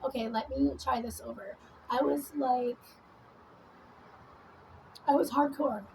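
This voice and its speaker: A woman's voice: high voice, fairly even intonation, slow, creaky, a little mellow, a little hiss or hum, low-quality recording. A woman vlogging in a casual, rambling monologue full of swearing and fillers while she does her makeup. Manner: rambling, profane, many fillers. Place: at home doing her makeup.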